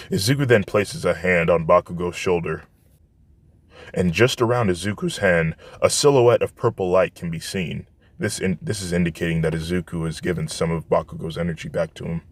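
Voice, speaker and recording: Deep-voiced man narrating fan fiction. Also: fairly quick, no echo. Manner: plain narration with restarts. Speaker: storyteller.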